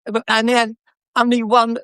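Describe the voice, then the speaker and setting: An older South London man, a former car dealer, tells anecdotes in a chatty, cheeky way, laughing often. His very high voice is monotone yet clear and resonant, fairly bright, at a moderate pace, recorded in a clean studio without echo.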